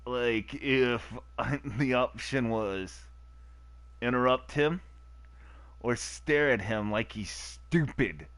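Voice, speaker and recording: A man's voice: medium pitch, slow pace, a bit bright, no room sound. A man streaming a dating game, joking and rambling with frequent laughs as he comments on the choices.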